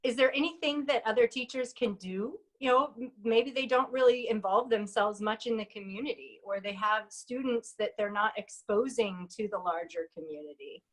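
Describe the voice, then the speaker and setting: A woman's voice: on the high side, moderate pace, few pauses. A woman interviewing a tango teacher, asking long questions with hesitant phrasing.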